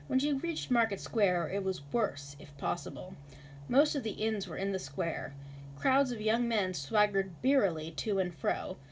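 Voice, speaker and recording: A woman reading a novel aloud in a measured, expressive way. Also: medium pitch, low-quality recording. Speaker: reader.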